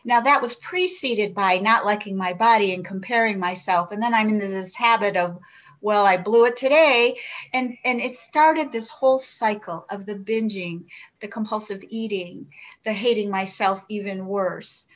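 A woman's voice: medium pitch, moderate pace, fairly bright tone. A woman in her sixties giving an earnest, reflective personal share at a recovery meeting. She often restarts and asks herself questions. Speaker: member sharing at a recovery meeting. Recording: dull lo-fi recording.

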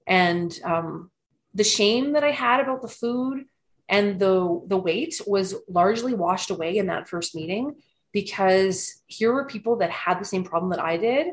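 Earnest woman sharing her recovery. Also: medium pitch. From Canada. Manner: earnest and reflective, with frequent restarts. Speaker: recovery program member sharing her story. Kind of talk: personal recovery testimony.

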